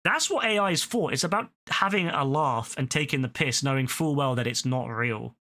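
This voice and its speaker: A young man rambles through casual stream commentary, tripping over his words and restarting his sentences as he goes. His voice sits mid-range with a crisp, forward brightness. He swears freely and loosely. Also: medium pitch, moderate pace.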